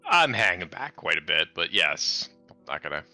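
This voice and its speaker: A man's voice: deep voice, very animated, normal speed, vocal fry, bright, forceful tone, faint music behind. A man playing a tabletop game, polite and apologetic, stumbling over names. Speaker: player. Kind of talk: tabletop role-play.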